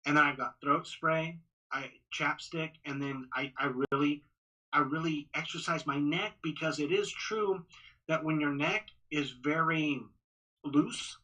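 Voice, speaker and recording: A Texas ring announcer talks casually in a podcast interview, speaking fast and excitedly while often restarting and repeating words. His voice is a little high, and the recording is low quality.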